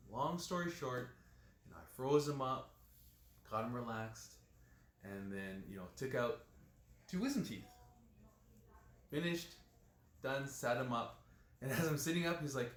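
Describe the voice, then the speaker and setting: A man, working as a dentist, telling stories in a relaxed, casual way and leaning on lots of "you know" fillers. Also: mid-range voice, measured pace, long pauses, a little hiss or hum. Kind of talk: casual interview talk. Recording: echoey room with faint ambience.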